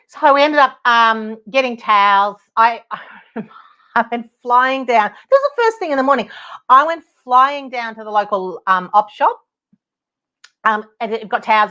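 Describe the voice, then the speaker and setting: A middle-aged woman with an Australian accent, hosting a podcast and telling a story in a casual, animated, exasperated way, laughing often and swearing now and then. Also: a little high. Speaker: podcast host, property advocate. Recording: dull lo-fi podcast audio.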